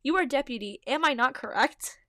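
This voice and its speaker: A woman's voice: sits high, lively intonation, brisk, bright, forceful tone, dry recording, exaggerated voice. A woman voicing a menacing, sly black tomcat who talks in old-fashioned, scheming threats while reading her own fanfiction aloud.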